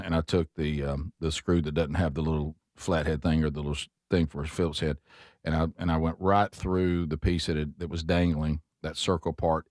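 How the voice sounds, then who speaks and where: A very deep-voiced man tells a rambling, self-mocking story, circling back and restarting his sentences as he goes. His voice is recorded dry and close, with no room sound at all. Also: a little mellow, no room sound. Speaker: host. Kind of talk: casual chat, storytelling.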